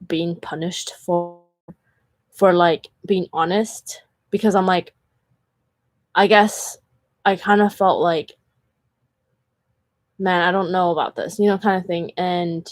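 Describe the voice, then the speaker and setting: A woman's voice: on the low side, a little mellow, no room sound. A woman vlogger telling personal stories in a casual, earnest way, with lots of "like" fillers. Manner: chatty, heavy use of "like" fillers; earnest and candid. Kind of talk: casual storytelling vlog.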